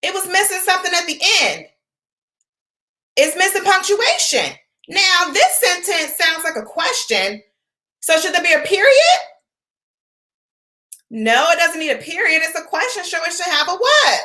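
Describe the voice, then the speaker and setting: High, lively woman teaching young kids. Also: measured pace, long pauses. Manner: encouraging, asks questions and answers them herself. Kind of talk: online literacy lesson for young children.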